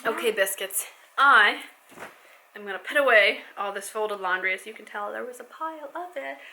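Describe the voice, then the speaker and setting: A woman's voice: a little high, normal speed, sharp tone. A woman vlogging from home as a mother, chatting casually and affectionately while folding laundry.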